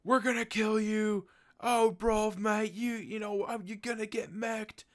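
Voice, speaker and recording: A man doing a shrill wild British groupie. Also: fairly even intonation, measured pace. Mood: manic. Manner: shrill, frantic threats. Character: wild, rowdy young British male groupie.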